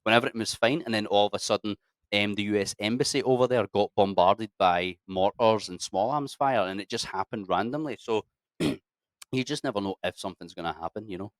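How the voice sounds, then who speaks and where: A man in his thirties, an army veteran telling his story in a casual interview, blunt and sweary, calling people mate and lads, often clearing his throat. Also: fairly low pitch, fairly quick, no room sound.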